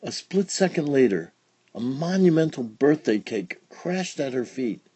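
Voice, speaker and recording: A man reading a children's storybook aloud with expressive, dramatic storytelling. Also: medium pitch, a little slow, husky, dry recording. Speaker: storybook reader. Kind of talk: children's read-along narration.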